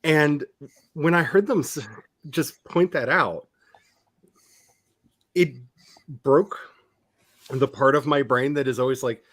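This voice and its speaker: A man's voice: fairly high pitch, slow, pauses often, a bit bright, no echo. A man, co-hosting a podcast, chatting casually and musing with many restarts. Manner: rambling, self-reflective, with restarts. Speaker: podcast co-host. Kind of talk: casual chat.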